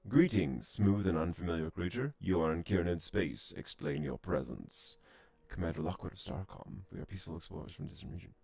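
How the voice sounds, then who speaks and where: A man voicing a proud, wary alien envoy from a space game, reading its lines in a formal, measured way. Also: low voice, animated, vocal fry, darkish tone, breathy edge, no echo, full character voice. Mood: stern. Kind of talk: reading game dialogue aloud.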